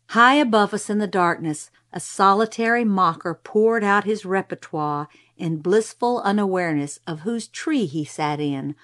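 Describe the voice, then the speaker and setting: A woman reading a first-person novel aloud in a measured storytelling manner. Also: mid-range voice. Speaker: audiobook narrator. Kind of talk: scripted first-person narration.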